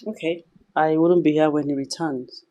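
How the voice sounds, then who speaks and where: A woman in a film drama, speaking calmly and politely. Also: low voice, moderate pace, close to an everyday voice. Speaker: visiting girlfriend.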